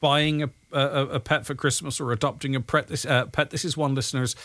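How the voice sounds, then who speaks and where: A man's voice: medium pitch, fairly even intonation, brisk, a bit bright, no echo. A man with a Donegal Irish accent presenting a radio show, chatting casually and reading out listener messages with plenty of ums and uhs. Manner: chatty and conversational, with frequent fillers.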